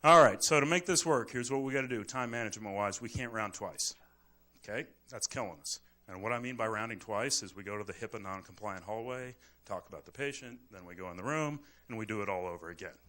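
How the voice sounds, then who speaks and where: A middle-aged man, a physician, giving a lively live lecture with a demonstration and acting out little scenes as jokes. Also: lowish voice, fast talker. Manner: animated, jokey, acts out little scenes. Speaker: physician teaching at grand rounds. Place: hospital lecture hall. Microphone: moves on and off the microphone.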